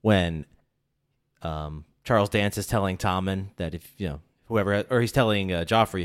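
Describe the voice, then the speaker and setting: Deep-voiced man with dry jokes. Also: moderate pace, smooth, no room sound. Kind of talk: casual chat.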